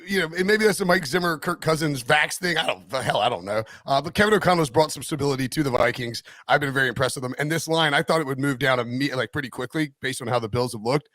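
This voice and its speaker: A man's voice: medium pitch, fast talker, hardly any pauses, fairly bright tone, no echo, clean studio sound. A man co-hosting a casual football betting podcast, rambling and joking with many restarts and fillers. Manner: rambling, lots of restarts and "like", jokey. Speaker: podcast co-host, NFL betting analyst. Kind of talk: casual sports betting chat.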